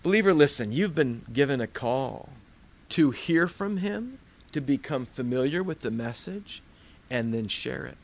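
A man's voice: medium pitch, animated, a little slow. Man preaching a storytelling sermon. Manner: conversational storytelling, acts out voices.

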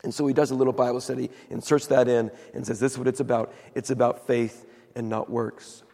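A man preaching a sermon as pastor, telling a Bible story with animated retellings of the quoted voices. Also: medium pitch, a little fast, creaky, big-room sound.

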